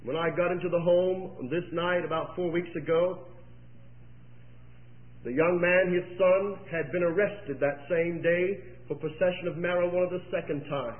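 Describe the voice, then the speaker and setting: High-voiced impassioned preacher on old tape. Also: male voice, steady tone, moderate pace. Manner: impassioned storytelling, rising to near-shouts. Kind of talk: sermon. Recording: echoey, tinny phone-like old tape.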